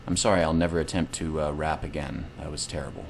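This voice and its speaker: A man's voice: rumbling low, steady tone, fast talker, creaky, few pauses, slight background noise. A man in his thirties giving profane, joking commentary while playing a video game. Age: 30s. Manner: profane, jokey, rambling asides. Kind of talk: comedic let's-play commentary.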